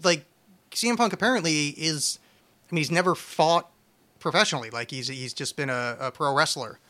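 A man's voice: on the high side, normal speed, bright, forceful tone. A man hosting a casual podcast chat, rambling and swearing, restarting his sentences often. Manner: rambling, profane, restarts a lot. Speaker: podcast host.

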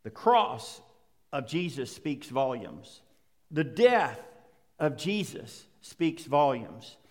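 Slow, preaching man in an echoing hall. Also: medium pitch, big pitch swings. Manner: emphatic preaching with dramatic pauses and rising intensity. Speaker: pastor. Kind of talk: sermon. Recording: long reverb of a large hall.

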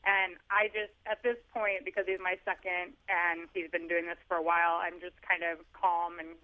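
A man's voice: high-pitched, little pitch movement, normal speed. A man author chatting on the phone about parenting, telling funny stories with self-deprecating humor. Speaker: author guest. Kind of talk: casual phone interview. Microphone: telephone. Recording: tinny phone line.

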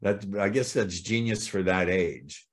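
A middle-aged man from the United States hosting a podcast interview, upbeat and eager to dive into questions. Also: low voice. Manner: upbeat, talks of diving in, quick asides. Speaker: podcast host.

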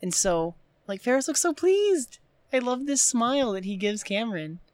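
A woman co-hosting a casual podcast, retelling film scenes in an animated way with lots of "like" fillers. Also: on the high side, normal speed, dry recording. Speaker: podcast co-host.

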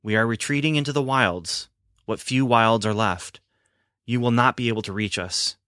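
A man voicing a solemn male Sasquatch elder in a story reading, speaking in slow, deliberate warnings. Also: mid-range voice, bright, forceful tone, clean tone, no room sound, clean studio sound, lightly acted.

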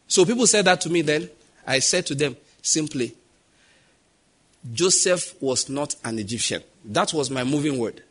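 A Nigerian man preaching a sermon in a husky, slightly breathy voice that sits a little high for a man. He tells his stories with animation and acts out the voices of the people in them. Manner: animated storytelling, acting out quoted voices.

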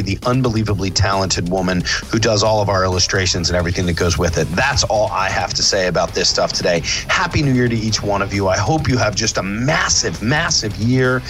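A man's voice: on the low side, fairly bright tone. A man hosting a casual podcast, talking in a rambling, upbeat way with lots of fillers, restarts and casual swearing. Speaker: podcast host.

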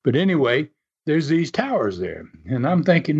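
Man, casual storyteller, chuckles a lot, slightly high voice, dull lo-fi sound. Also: normal speed, gravelly, breathy edge. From United States. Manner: animated, rambling, chuckles often, many fillers. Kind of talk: casual spoken anecdote. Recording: muffled lo-fi recording.

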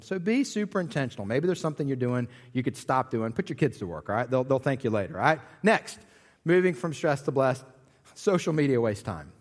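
A man in his thirties preaching a sermon as pastor, with animated storytelling and jokey asides. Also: medium pitch, brisk, long reverb tail.

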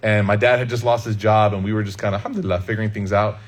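A man from Chicago giving a conversational religious talk, lively and humorous, speaking straight to the audience. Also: on the low side, very fast. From Chicago, USA. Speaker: Islamic speaker.

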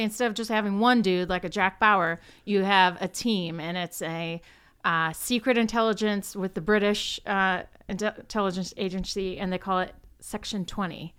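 A woman's voice: medium pitch, fairly bright tone, clear, resonant tone. A woman actress guest on a podcast, chatting enthusiastically and saying "like" often. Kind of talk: casual chat.

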